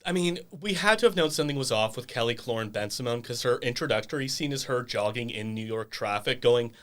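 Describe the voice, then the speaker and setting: A young man chatting on a casual podcast, acting out the people he describes as he retells their stories. His pitch sits in an ordinary middle range. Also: brisk, hardly any pauses. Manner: animated storytelling with quoted voices. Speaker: podcast guest.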